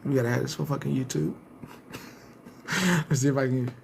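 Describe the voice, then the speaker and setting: A man's voice: mid-range voice, moderate pace, vocal fry, a little hiss or hum. A man hosting a live stream, ranting casually and cursing heavily as he taunts his viewers directly and rambles through many restarts.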